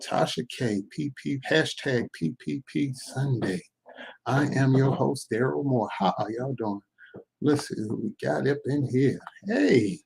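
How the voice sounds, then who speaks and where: A male live-stream host with a gravelly, slightly raspy voice set at an average pitch. He talks casually and with animation, and he repeats his phrases and exclaims like a churchgoer.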